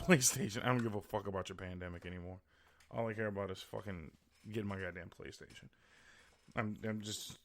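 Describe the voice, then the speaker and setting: A worn-out man from the American Midwest rants on his podcast late at night, swearing freely and laughing through his complaints. His voice sits low with a gravelly fry. The sound is close and dry, with no room around it. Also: no room sound. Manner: profane, exasperated, laughs often. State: tired. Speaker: podcast host. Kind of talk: casual solo rant.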